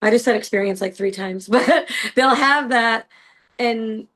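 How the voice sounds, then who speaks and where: A woman's voice: a little high, a little slow, a bit bright, low-quality recording. A woman hosting a podcast, telling a personal story in a casual, earnest and rambling way, full of "like" and "you know". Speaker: podcast host.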